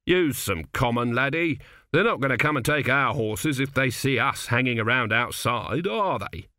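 A man's voice: medium pitch, animated, moderate pace, bright, forceful tone, no room sound, clean studio sound. A man voicing a blunt male army sergeant who talks brusquely and matter-of-factly. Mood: gruff.

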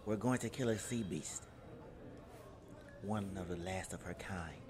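Man putting on a hearty, loud sea captain. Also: low voice, a little slow, a crowd in the background. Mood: boastful. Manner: hearty and commanding, yells orders. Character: cheerful, boisterous male sea captain.

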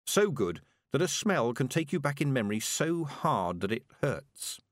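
A man narrating an audiobook with expressive storytelling. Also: medium pitch, normal speed, dry recording, studio quality. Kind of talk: scripted narration.

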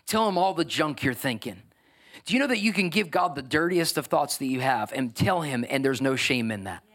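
A man preaching a sermon, building to emphatic, energetic exhortation. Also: mid-range voice, a little fast. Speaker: pastor.

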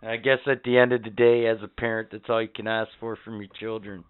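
A middle-aged man cohosting a casual podcast, giving blunt, profane fatherly advice that swings between muttered asides and loud outbursts. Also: fairly low pitch, little pitch movement, fast talker, smooth, dry recording. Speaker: podcast co-host. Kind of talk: casual crude banter. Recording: tinny phone-like lo-fi audio.

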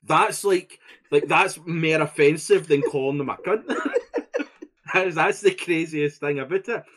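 Young Scottish male co-host, slightly high voice, laid-back and profane. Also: a little slow, a bit bright. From Scotland. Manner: laid-back, swears freely, laughs often. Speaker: podcast co-host. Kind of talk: casual chat.

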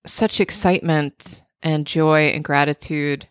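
A woman co-hosting a podcast, chatting casually and playfully with frequent laughs and quick agreements. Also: sits low, steady tone, clean tone, dry recording, clean studio sound. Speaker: podcast co-host. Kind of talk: casual chat.

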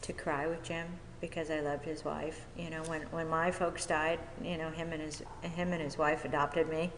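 A woman giving a personal testimony from a podium at a recovery meeting, talking haltingly with many fillers and restarts. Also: sits low, little pitch movement, slight background noise. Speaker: speaker sharing at a recovery meeting. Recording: echoey hall with long reverb.

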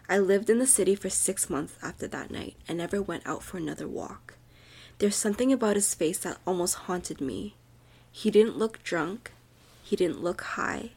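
A young woman with a soft, breathy voice reads a creepy story aloud for a podcast. She drops to a near whisper whenever the tension builds. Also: medium pitch, moderate pace. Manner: drops to a whisper at tense moments. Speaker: podcast co-host reading a story. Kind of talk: dramatic horror story reading.

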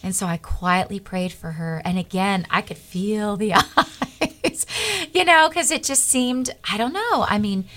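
A middle-aged woman, a guest on a Christian talk show, telling a personal testimony in an earnest, animated way and acting out the dialogue. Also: mid-range voice, a little slow.

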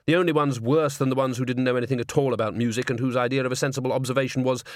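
A man narrates a comic fantasy audiobook in a measured, even storytelling style. His voice is medium-pitched, and the scripted reading has clean studio sound with no echo.

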